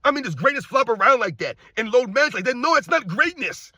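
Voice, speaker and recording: A man with a high, bright, sharp voice rants about sports, firing off repeated rhetorical questions and now and then raising his voice to a shout. The sound is dry and close, with no room around it. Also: sing-song, fast talker, slightly rough, no echo. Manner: emphatic, repetitive rhetorical questions; addresses viewers as guys, occasional shouting. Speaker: sports commentary host. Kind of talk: ranting sports commentary.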